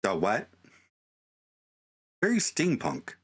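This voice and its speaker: A man's voice: lowish voice, wildly swooping pitch, slow pace, slightly rough. A man performing an older purple monster puppet, giving wry, rambling commentary on a game. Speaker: let's play host. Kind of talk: gameplay commentary. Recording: gameplay commentary with game music behind. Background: game music.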